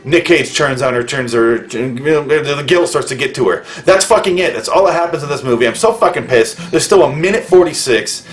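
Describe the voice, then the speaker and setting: A man's voice: medium pitch, normal speed, few pauses, soft background music. A man reviewing a movie in a furious rant, swearing constantly and bluntly listing everything he hated. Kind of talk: angry profane rant.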